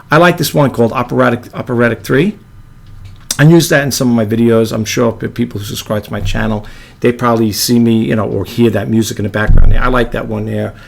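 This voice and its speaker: A man with a low monotone voice, hosting a casual video editing tutorial and rambling with apologetic asides. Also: creaky. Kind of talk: casual screen-recorded tutorial.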